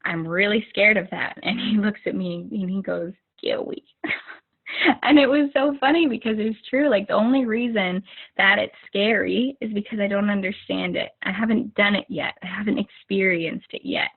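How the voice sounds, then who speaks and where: Over a video call with narrow, phone-like audio, a young woman gives an informal motivational talk. She rambles with plenty of fillers and restarts, speaking at a moderate pace in a medium-pitched voice with vocal fry.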